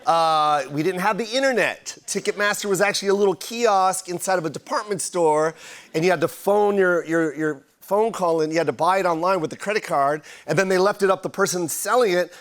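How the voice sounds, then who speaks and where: A man, a guest comedian, telling animated stories on a TV talk show and acting out the voices of people in them. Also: sits high, fairly quick. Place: TV studio with live audience.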